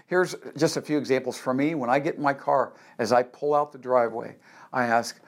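A man's voice: medium pitch, fairly even intonation, brisk. A man preaching a sermon in an emphatic, repetitive way, often asking the listeners a rhetorical "yes?". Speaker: pastor.

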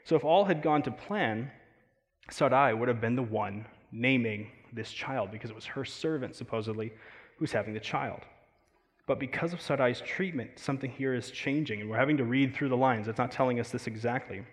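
An American man preaching a sermon in a loose, conversational way, full of fillers and side comments. His voice sits at an ordinary middle pitch. A long reverb trails his words through a large hall. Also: a little fast. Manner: conversational, animated, with frequent fillers and asides. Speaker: pastor.

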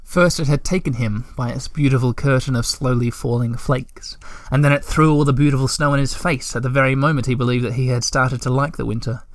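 A man narrating a storybook at a measured, gentle pace. His voice sits at a middle pitch, recorded close and dry with no room sound. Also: steady tone, no echo. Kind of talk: audiobook narration.

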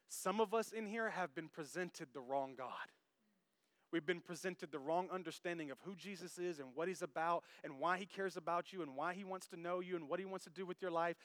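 A man preaching a sermon to his congregation, animated and jokey, who talks straight to the crowd. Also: a little high, no room sound. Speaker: pastor. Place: church service.

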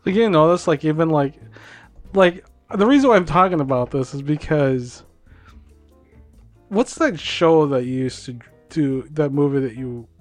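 A man's voice: fairly high pitch, moderate pace, dry recording, soft background music. Rambling, chatty man co-host. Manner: rambling, heavy use of "like", laughs often. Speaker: podcast co-host. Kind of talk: casual chat.

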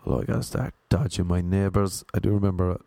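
Deadpan young Irishman, sardonic storyteller, low gravelly voice, dry close sound. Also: quick pace, no echo. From Ireland. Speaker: vlogger. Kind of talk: casual storytelling monologue.

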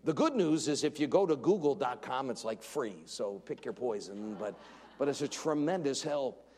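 A man preaching a sermon in an emphatic, sarcastic way, swinging between loud and hushed delivery. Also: mid-range voice, expressive, normal speed, slight background noise. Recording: reverberant hall.

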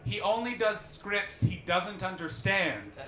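High-voiced comic, animated and profane. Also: male voice, slight background noise. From Canada. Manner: rapid, profane, animated crowd work. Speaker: stand-up comedian. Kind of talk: stand-up comedy set. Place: small comedy venue, indoors. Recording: echoey comedy club.

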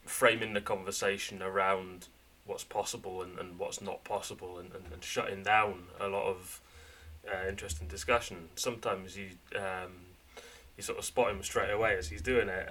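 A man from the United Kingdom co-hosting a podcast, talking things through in a thoughtful, halting way. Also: lowish voice, sharp tone. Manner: thoughtful, halting, many restarts. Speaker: podcast co-host. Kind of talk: casual podcast chat.

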